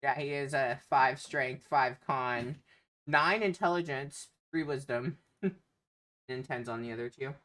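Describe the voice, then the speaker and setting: A woman's voice: rumbling low, slow pace, fairly bright tone. A woman narrating as a tabletop game master, hesitant and full of ums.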